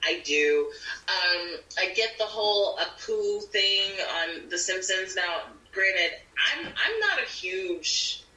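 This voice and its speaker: A woman's voice: medium pitch, slow pace. A woman actor, a podcast guest, chatting casually and acting out the people in her stories. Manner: animated, acts out quoted people. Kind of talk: casual storytelling chat. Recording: roomy audio from a distant mic.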